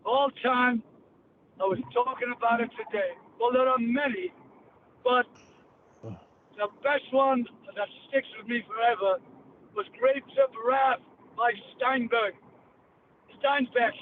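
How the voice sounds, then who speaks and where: An older Englishman calls in to a show as a guest and delivers a heated, blunt, profane rant. His voice is very high and slow, with frequent pauses, coming through a tinny phone line with faint noise.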